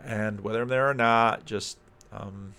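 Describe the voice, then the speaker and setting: Minister guy musing on video, fry in his voice, restarts and repeats a lot. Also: fairly low pitch, fairly even intonation, unhurried, sharp tone. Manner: thinks aloud, repeats words and phrases. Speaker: Christian minister. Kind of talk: reflective video commentary.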